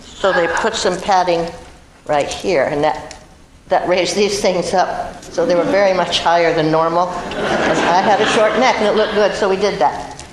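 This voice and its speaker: A woman's voice: on the low side, measured pace. Older woman telling stories in an echoey hall. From Iowa, USA. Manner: chatty, self-amused anecdotes with frequent laughs. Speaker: guest actress at a film event. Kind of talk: storytelling to a live audience. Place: large hall before an audience. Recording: echoey hall with loud noise.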